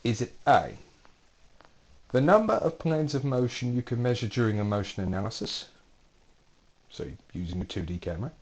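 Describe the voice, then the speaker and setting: A man lecturer reads out multiple-choice quiz questions, lettering each option. His voice swings lively up and down in pitch. He keeps it playful with dry asides and corrects himself as he goes. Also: normal speed, pauses often. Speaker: university lecturer.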